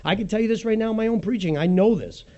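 A man preaching a sermon as pastor, with a raspy voice, animated and swinging between soft and loud, joking about his own slips. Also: quick pace, muffled recording. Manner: animated preaching with wide swings in pitch and loudness; jokes at his own slips, laughs easily.

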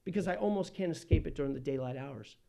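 A man delivering a sermon, moving between quick asides and slow, loud, emphatic lines. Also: a little high, expressive, vocal fry. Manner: impassioned preaching with sudden loud and slow emphatic phrases. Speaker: pastor.

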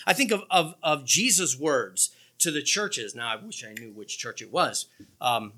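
A man preaching a sermon to a church congregation, animated and leaning into sarcastic emphasis, with quick asides to the crowd. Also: medium pitch, slightly rough.

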